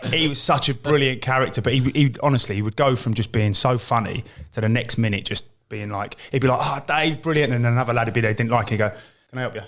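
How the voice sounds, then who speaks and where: Fast-talking middle-aged male co-host. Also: medium pitch, fairly even intonation, a bit bright. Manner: rapid, rambling anecdotes. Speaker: podcast co-host, former footballer and manager. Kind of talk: casual storytelling chat.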